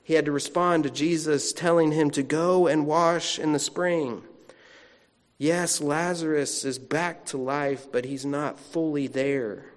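A male pastor giving a sermon in a chatty storytelling way, with asides to the congregation. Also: on the high side. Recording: long reverb of a large hall.

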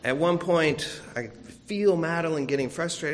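A man's voice: a little high, normal speed, long reverb tail. A man preaching a sermon as a pastor, folksy and storytelling with self-deprecating humor, in a church sanctuary.

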